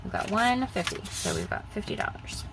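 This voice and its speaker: A woman's voice: medium pitch, wildly swooping pitch, a little fast, gravelly, over music, rough recording. A young woman chatting casually in her vlog, rambling and repeating herself as she talks about budgeting. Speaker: budgeting vlogger.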